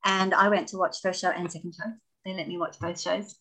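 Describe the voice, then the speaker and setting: Middle-aged woman, ex-dancer, chatty and animated, laughs a lot. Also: lowish voice, a little fast, low-quality recording. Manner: animated, laughs often, acts out voices in anecdotes. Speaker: interview guest, former dancer. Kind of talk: casual storytelling.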